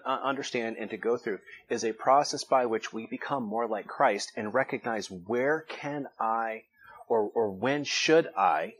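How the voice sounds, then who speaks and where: A man's voice: medium pitch, fairly bright tone, slightly rough. A man preaching a sermon as pastor, teaching in a conversational, reflective way and rising now and then for emphasis.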